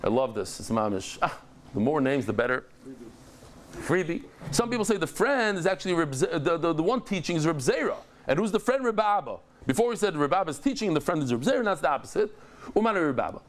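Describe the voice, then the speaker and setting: A middle-aged man teaching a daily Talmud class, animated, telling stories with lively joking asides. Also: a little high, quick pace, slight background noise.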